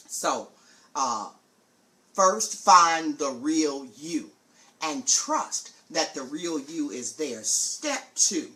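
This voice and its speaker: A woman hosting a live-streamed teaching talk for preachers, speaking deliberately and enunciating carefully. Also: low-pitched, a bit bright. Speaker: preaching teacher, show host.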